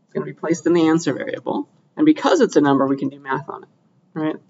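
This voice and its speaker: An upbeat young man teaching a class, with a voice set a little higher than most men's. He keeps checking in with his listeners. The recording is dull and lo-fi, made in a lecture room. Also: sing-song, quick pace, a little mellow, a little hiss or hum. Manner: upbeat, asks checking questions often. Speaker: computer science lecturer.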